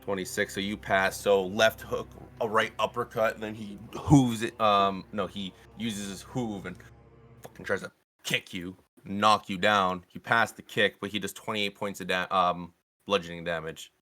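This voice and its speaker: Deep bright-voiced male game master. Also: steady tone, moderate pace, faint music behind. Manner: casual, swears offhandedly. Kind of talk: running a tabletop game.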